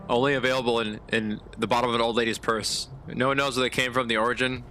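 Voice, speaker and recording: A man's voice: medium pitch, flat delivery, quick pace, bright, forceful tone, soft background music. A man giving casual gameplay commentary as a streamer, in laid-back slang with chuckling asides. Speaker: game streamer.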